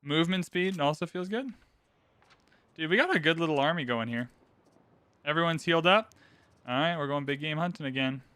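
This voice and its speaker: A man narrating his own strategy game session with a bright, lively voice and a fairly high pitch. His speech is clear and smooth, chatty and upbeat as he explains each move. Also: fairly quick, pauses often. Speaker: gaming channel host. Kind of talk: casual gameplay commentary.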